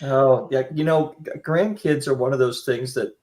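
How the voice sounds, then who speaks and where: A man's voice: mid-range voice, moderate pace, a little mellow. A man hosting a casual podcast chat, telling rambling jokey stories. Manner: joking, rambling storyteller.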